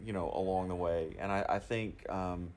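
Low-voiced halting male podcast host. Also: steady tone, a little mellow, slight background noise. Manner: halting, searching for words, many restarts. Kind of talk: podcast interview.

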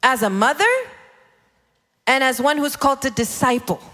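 Bright-voiced woman preaching in an echoey hall. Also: sits high, moderate pace. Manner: animated, acts out voices of her kids and God. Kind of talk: sermon.

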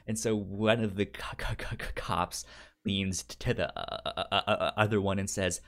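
A man's voice: deep voice, fairly even intonation, moderate pace, fairly bright tone. A man co-hosting a podcast in casual chat about a show, stammering over word starts and bursting into laughter as he retells scenes. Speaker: podcast co-host.

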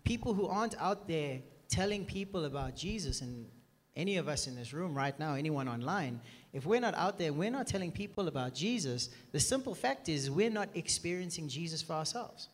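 Male preacher, fairly high voice, emphatic sermon delivery, long hall reverb. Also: animated, fairly quick. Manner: emphatic, keeps asking "are you with me".

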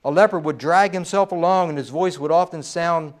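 A pastor preaching a sermon to his congregation, slightly hoarse, with rising emphasis and trailing pauses. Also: a little high.

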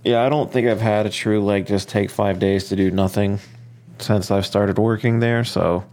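Man in his twenties, podcast co-host, relaxed, joking, lowish voice. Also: moderate pace. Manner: laid-back, joking, swears casually. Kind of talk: casual podcast chat.

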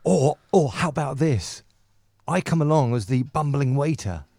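A man co-hosting a podcast, playful and quick to joke in casual chat. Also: fairly high pitch, vocal fry, no echo, studio quality. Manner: playful, animated. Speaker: podcast co-host.

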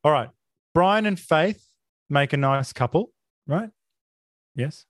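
A man hosting a film podcast, talking in a sarcastic, mock-outraged deadpan. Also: on the high side, takes it slowly, no echo, studio quality. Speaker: podcast host. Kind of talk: casual film review chat.

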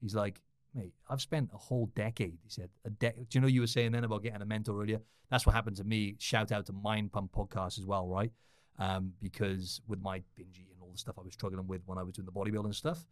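A man's voice: on the low side, darkish tone, no echo. A man hosting a podcast, chatty and matey, telling stories to his guest. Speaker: podcast host. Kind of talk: casual podcast conversation.

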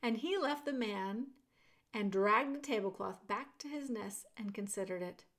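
A woman narrating a children's audiobook, talking straight to the listener with expressive storyteller pacing. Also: medium pitch, measured pace. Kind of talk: audiobook reading of a children's novel.

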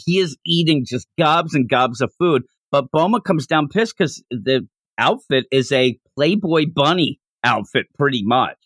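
A man hosting a podcast, recapping a comic chapter in casual chat with a rambling, animated way of telling it. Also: mid-range voice, no echo. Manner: rambling, animated retelling with frequent restarts. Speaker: podcast host.

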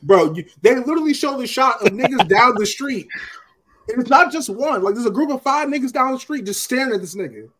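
A man hosting a casual podcast, retelling scenes and acting out the characters' lines in an animated way. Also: very high-pitched, brisk, a crowd in the background. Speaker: podcast host recapping a TV episode. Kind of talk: casual chat.

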